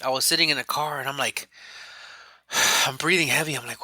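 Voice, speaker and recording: A man appears as a podcast guest, speaking fairly quickly in a mid-range voice on a dry recording. Candid and animated, he tells his own story casually, acting out what he and others said.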